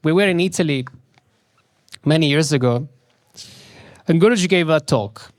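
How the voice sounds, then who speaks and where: Man giving a slow, emphatic spiritual talk. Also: a little high, no room sound, clean studio sound. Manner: slow, emphatic, repeats key words.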